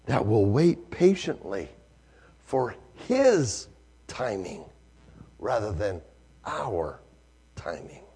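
A male preacher, telling a story in a sermon, swinging from hushed to loud. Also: mid-range voice, very animated, slow pace, husky.

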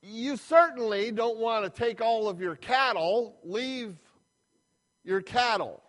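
Preacher doing a wheedling, bargaining Pharaoh. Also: male voice, very high-pitched, slow pace, fairly bright tone, voice pushed up, heavily acted. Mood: coaxing.

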